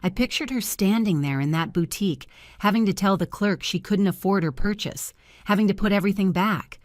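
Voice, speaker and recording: An older woman narrating her own story in the first person, calm and firm. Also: mid-range voice, brisk, no echo, clean studio sound.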